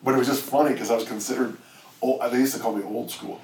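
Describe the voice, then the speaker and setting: An older man telling stories in a relaxed, rambling interview, with many restarts. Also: medium pitch, fast talker, far from the mic, slight background noise. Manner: rambling, lots of restarts and "you know". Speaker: strength coach and guest. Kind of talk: casual interview storytelling. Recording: echoey room, off-mic, faint ambience.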